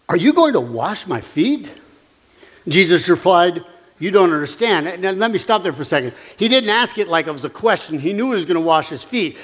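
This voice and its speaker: High-voiced preaching man in a reverberant hall. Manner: earnest, conversational preaching with emphatic repetition. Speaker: pastor. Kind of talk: sermon.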